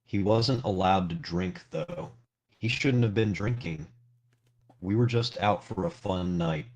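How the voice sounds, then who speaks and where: A man's voice: deep voice, unhurried. A man role-playing a talkative, mournful ghost of a young man over a lo-fi voice call. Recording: lo-fi voice call audio.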